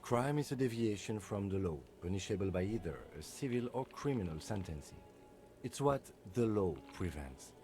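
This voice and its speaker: A man doing a dark, matter-of-fact inner voice. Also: lowish voice, expressive, normal speed, faint music behind, natural voice. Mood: lecturing. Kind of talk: scripted game dialogue.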